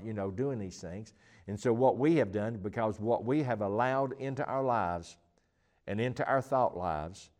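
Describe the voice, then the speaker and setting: A man's voice: lowish voice, a little mellow. A man teaching the Bible in an informal chat, talking in a rambling, emphatic way with many restarts and fillers.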